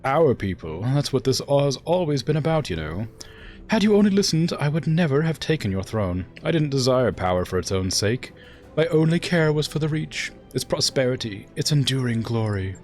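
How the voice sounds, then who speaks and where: A man's voice: mid-range voice, very animated, moderate pace, darkish tone, faint music behind, voice pushed up, close to an everyday voice. A man reading a weary, defeated older ruler from a game in an English accent, grave and resigned. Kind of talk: reading game dialogue aloud.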